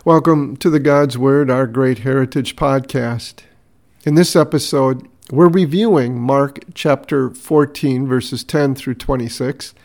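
A man hosting a devotional podcast, reading Bible passages and teaching in an earnest, measured, prayerful way. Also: medium pitch, gravelly, a little mellow.

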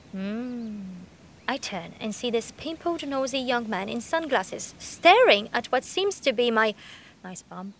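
A woman's voice: fairly high pitch, a little hiss or hum. A young woman telling a comic story, brash and sardonic, swearing freely. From Brazil. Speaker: comedian.

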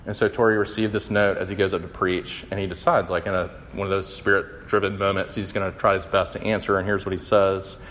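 A young man giving a conversational, animated sermon, acting out the quotes. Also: low-pitched, brisk, hardly any pauses, slight background noise. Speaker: campus minister. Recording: long hall reverb.

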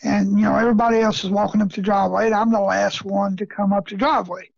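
A man's voice: high voice, little pitch movement, quick pace, vocal fry, noisy background. A middle-aged man telling a story in a casual interview, folksy and chuckling often, with rural grammar. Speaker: rabbit hunting guest. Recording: dull lo-fi sound.

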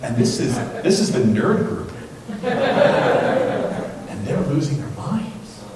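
A man preaching a sermon in a church, talking in a conversational, animated way and acting out the people in his stories. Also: medium pitch, slow, recorded from a distance, crowd noise. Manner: conversational, animated storytelling with quoted voices. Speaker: pastor. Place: church sanctuary. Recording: very echoey hall, voice from off-mic.

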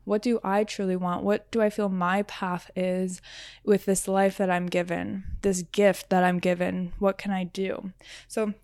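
A woman's voice: medium pitch, level tone, measured pace, darkish tone, no room sound, clean studio sound. A woman hosting a solo podcast as a riding coach, talking in an earnest, reflective way with many "like" fillers.

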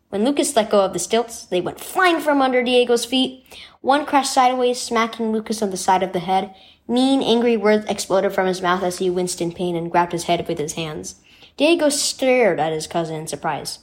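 A woman's voice: medium pitch, expressive, normal speed. A woman narrating a children's devotional story expressively, then reading a Bible verse and its lesson.

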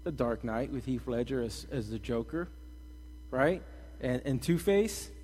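A young man giving a casual, slangy sermon as a pastor, animated and energetic in his storytelling. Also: medium pitch, unhurried, a little hiss or hum. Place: church hall. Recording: long reverb in a hall.

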